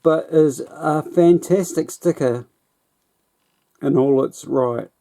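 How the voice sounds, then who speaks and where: A man's voice: on the high side, slow, warm tone. A man casually reviewing a toy set in a rambling, self-deprecating way.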